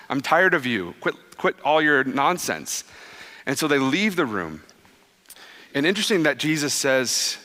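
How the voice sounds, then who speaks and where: A man in his thirties, a pastor giving a conversational, animated sermon that drops soft and low for quoted words. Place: church sanctuary. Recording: long reverb of a church hall.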